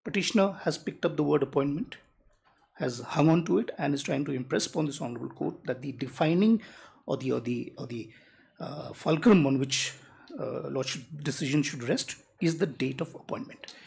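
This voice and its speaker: An advocate, making a measured, deliberate legal argument in a courtroom and reading rules aloud slowly. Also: medium pitch, creaky, darkish tone, breathy edge. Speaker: advocate arguing before a judge.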